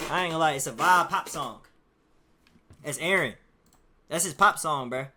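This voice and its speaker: A man's voice: fairly high pitch, lively intonation, a little slow, pushed and bright, a little hiss or hum. A man streaming casually, rambling in a loose, profane, slang-heavy way. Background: faint music playing.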